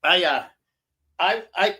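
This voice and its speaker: A man's voice: high-pitched, animated, takes it slowly, pushed and bright, husky. A man hosting a casual live-stream chat, rambling and joking in a loose, giggly way.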